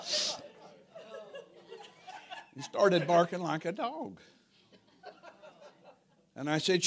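A middle-aged man preaches in a fairly high voice. He tells stories in a folksy, humorous, animated way, speaking as the pastor of his church. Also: measured pace, pauses often. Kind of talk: sermon with storytelling.

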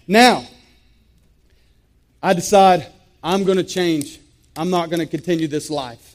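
A man speaks in a notably high register. He delivers a personal testimony in an intense, emphatic way. He often repeats a phrase to press the point home. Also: a little slow, long pauses. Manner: intense, repetitive, emphatic storytelling.

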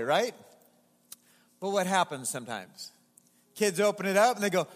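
High-voiced pastor preaching in a hall. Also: male voice, moderate pace, pauses often. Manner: animated, emphatic, asks congregation to respond. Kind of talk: sermon. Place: church sanctuary.

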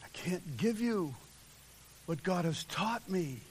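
A man preaches a sermon with fervent intensity, his voice sitting fairly high for a man. He swings between shouted peaks and hushed, near-whispered lines. A faint hiss runs under the recording. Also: animated, takes it slowly. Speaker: pastor.

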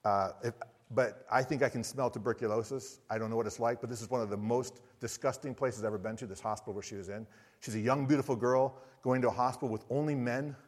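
An American missionary preacher with a mid-range voice and fairly even intonation talks fast, telling a personal story in an earnest sermon with frequent restarts. The recording carries the long reverb of a large hall.

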